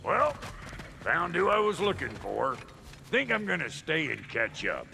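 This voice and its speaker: A foul-mouthed, gruff dwarf smith with a deeply gravelly voice that swings wildly up and down and drags out slowly. The game audio sounds distant and noisy behind him. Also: male voice, big pitch swings, pushed and bright, heavily acted. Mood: brash. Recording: game audio, heard from afar, noisy backdrop.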